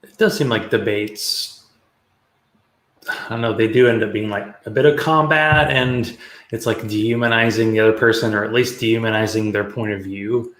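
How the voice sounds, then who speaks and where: A man hosting a podcast, talking in a relaxed, thoughtful way. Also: on the low side, normal speed, roomy sound. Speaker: podcast host. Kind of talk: casual podcast chat.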